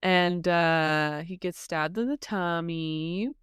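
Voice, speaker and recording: A woman co-hosting a podcast, chatting casually and hesitantly with lots of ums, retelling a story and popping into high voices for the characters. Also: takes it slowly, a bit bright, clean tone, no echo, studio quality. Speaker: podcast co-host. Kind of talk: casual book-discussion chat.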